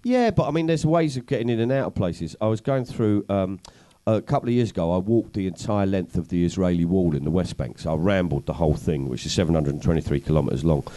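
A man being interviewed, telling long wry anecdotes about his comedy and activism in a relaxed, self-deprecating way. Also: low voice, quick pace, hardly any pauses, low-quality recording. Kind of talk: conversational storytelling interview.

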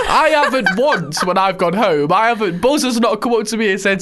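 A man's voice: sits high, expressive, a little fast, hardly any pauses, a bit bright, a little hiss or hum. Joking man in his twenties. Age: 20s. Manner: joking, self-deprecating banter. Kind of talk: casual chat.

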